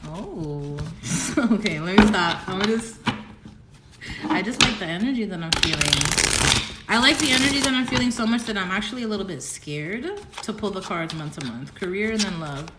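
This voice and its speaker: A woman giving a casual tarot reading to camera, who swings from low murmuring to squealing excitement and swearing. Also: normal speed. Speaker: tarot reader. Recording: roomy echo, faint background noise.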